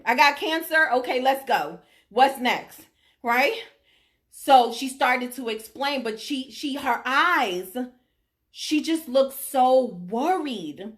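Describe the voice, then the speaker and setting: A woman's voice: sits high, a bit bright. A middle-aged woman telling a personal story to her audience, emphatic and often checking in with her listeners. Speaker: vlogger sharing her diagnosis story.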